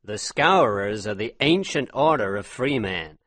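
A man reading an audiobook, voicing a grim old man who warns slowly. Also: fairly low pitch, expressive, fairly bright tone, no echo. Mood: grave. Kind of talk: audiobook character voice.

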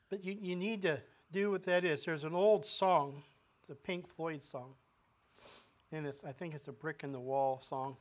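A male pastor delivers a conversational sermon, asking his congregation rhetorical questions and frequently repeating words. His voice is high and fairly bright.

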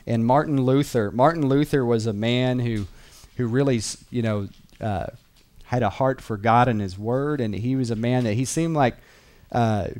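A man's voice: medium pitch, normal speed, darkish tone. A man teaching a Bible class in an earnest, conversational way, repeating key phrases and reading verses aloud.

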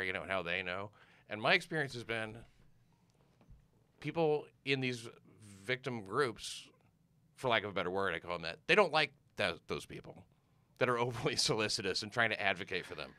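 A man spins a long, meandering story, padding it with fillers and false starts. His voice sits a little low yet cuts through bright and forceful. The recording is close and dry. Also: clear, resonant tone, no room sound. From United States. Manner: rambling storyteller, trails off with fillers. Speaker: comedian guest. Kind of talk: casual chat.

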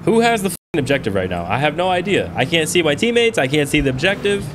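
A man's voice: a little high, sing-song, quick pace, very noisy. Profane, frustrated young gamer man. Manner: profane, frustrated, yelling in bursts. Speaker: gaming YouTuber. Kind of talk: gameplay commentary.

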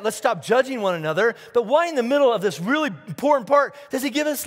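A man preaching a sermon as pastor, animated, asking rhetorical questions and often repeating his words. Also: extremely high pitch, quick pace, hardly any pauses, big-room sound. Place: church auditorium.

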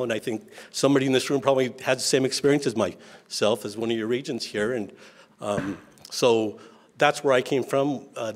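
A middle-aged man giving an informal speech as a state legislator, folksy and self-deprecating, telling stories about himself. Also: medium pitch. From Eastern Washington, USA. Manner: folksy, self-deprecating, acts out family dialogue.

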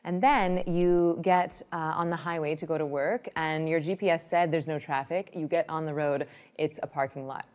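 Low-voiced woman teaching meditation. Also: moderate pace, few pauses. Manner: lively storyteller, acts out quoted people. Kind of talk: explanatory talk on meditation.

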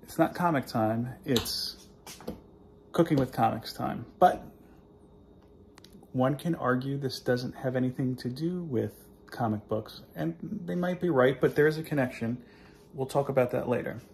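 A gravelly, darkish voice of medium pitch moves at a measured pace as a man films his home cooking vlog by hand on a phone in his kitchen. A little hiss or hum sits underneath while he jokes about himself and drifts into chatty asides.

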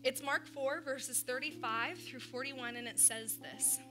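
High-voiced woman preaching, animated and casual. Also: a little slow, few pauses, music in the background. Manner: animated, emphatic storytelling with casual asides. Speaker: pastor. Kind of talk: conversational sermon. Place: church.

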